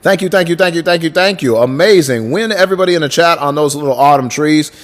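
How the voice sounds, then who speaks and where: A man's voice: a little high, quick pace. A man hosting a livestream in casual chat, swearing freely and hyping up viewers as he thanks them by name. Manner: breaks into crooning song lines. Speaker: livestream host.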